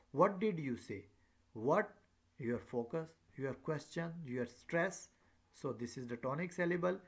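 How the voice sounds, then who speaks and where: A man giving a recorded lecture, hesitant and full of filler sounds, repeating his examples slowly to stress them. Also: mid-range voice, a bit bright.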